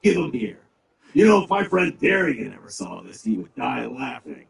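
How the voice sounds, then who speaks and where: A man's voice: mid-range voice, big pitch swings, moderate pace. An actor playing a big, blunt male orc who grumbles and talks with dry sarcasm. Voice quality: gravelly. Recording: roomy, distant, game music behind.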